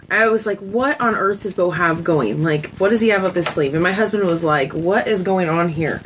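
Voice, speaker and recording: A woman's voice: mid-range voice, fairly quick, few pauses, slight background noise, rough recording. A talkative woman hosting a live sales stream, telling stories in a casual, chatty way. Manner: talkative, storytelling, giggly asides.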